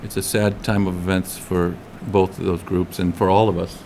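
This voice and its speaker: A board member at a town meeting, speaking in a halting, earnest way. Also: male voice, sits low, flat delivery, darkish tone, slight background noise. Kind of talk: meeting remarks.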